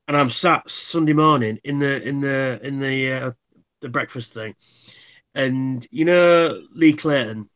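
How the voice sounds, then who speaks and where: A man's voice: medium pitch, unhurried, a bit bright. A man in his thirties, hosting a live stream in casual chat, rambling through anecdotes and swearing freely. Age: 30s.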